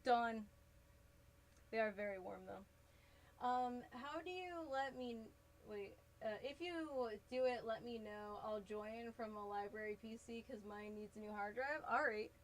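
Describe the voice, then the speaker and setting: A woman's voice: on the high side, measured pace, low-quality recording. A woman chatting casually while she crafts a cosplay on a live stream, rambling, laughing often and answering her chat. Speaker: cosplay livestreamer.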